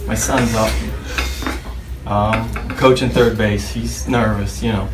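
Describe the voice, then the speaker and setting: A man's voice: lowish voice, slow pace. Man telling stories in a wedding toast. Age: middle-aged. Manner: storytelling with baseball references, animated impressions. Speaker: father giving a wedding speech. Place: wedding reception room. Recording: roomy distant mic, noisy reception hall.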